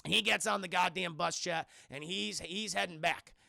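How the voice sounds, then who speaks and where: A man's voice: high voice, normal speed, gravelly, sharp tone. A man streaming a casual, profane scene-by-scene film recap, rambling and constantly addressing his live chat.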